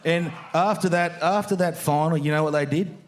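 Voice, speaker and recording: A man with a fairly high voice jokes and brags in casual banter, swearing freely as he talks. Faint noise sits behind his voice. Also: normal speed. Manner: jokey, boastful, swears. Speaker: guest, pro surfer.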